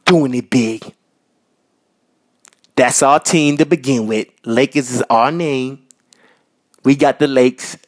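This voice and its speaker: A man from Minnesota hosting a podcast, talking casually and giving loud, repetitive shout-outs full of slang. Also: mid-range voice, slow pace, pauses often. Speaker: podcast host. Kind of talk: casual solo podcast monologue. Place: North Minneapolis.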